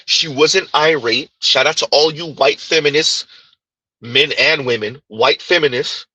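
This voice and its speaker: An animated man delivering reaction commentary at a slow, deliberate pace. His voice is forceful and a little husky. The sound is close and dry. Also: a little high, dry recording, low-quality recording. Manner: animated, emphatic, repeats points. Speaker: commentary channel host.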